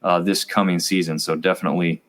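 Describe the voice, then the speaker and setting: A man's voice: sits low, little pitch movement, fast, a bit bright. A man co-hosting a college sports review show, chatting casually and rambling with fillers. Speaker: co-host.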